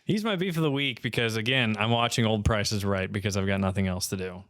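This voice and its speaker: A man co-hosting a casual podcast, wry and quick to laugh, who swears casually. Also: lowish voice, fairly bright tone, dry recording, studio quality. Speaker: podcast co-host.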